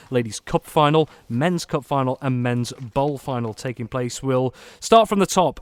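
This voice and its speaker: Steady Manx radio sports presenter. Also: male voice, medium pitch, no echo. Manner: steady, scripted link delivery.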